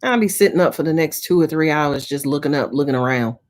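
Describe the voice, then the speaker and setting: A woman's voice: low voice, fast, a little mellow. A woman tarot reader answering viewers' questions on a live stream, talking in a casual, slangy, profane way and sounding tired.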